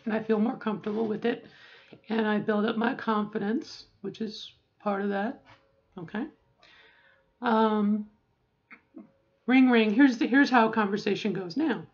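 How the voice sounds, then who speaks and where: A woman's voice: medium pitch, moderate pace, muffled recording. A middle-aged woman talking casually to camera, rambling with asides and often checking in with "okay?". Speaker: vlogger.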